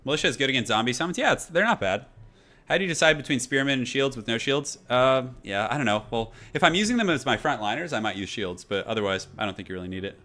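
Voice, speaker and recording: A young man casually chatting through a live gaming stream, reading out viewer messages in a relaxed, rambling way at a desk microphone. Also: medium pitch, fast talker. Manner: relaxed, chatty, reads chat aloud.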